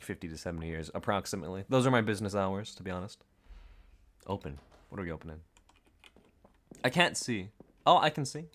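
A man's voice: lowish voice, fairly bright tone. Jumpy joking man playing a horror game. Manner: jokey, jumpy, quick reactions with nervous laughs. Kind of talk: casual let's play commentary.

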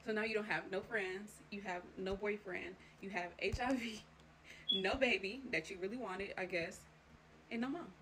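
A woman vlogger retelling a dramatic story in a casual, profane, animated way, addressing the listener as 'you'. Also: mid-range voice, normal speed, background noise. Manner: profane, animated, tells it in second person.

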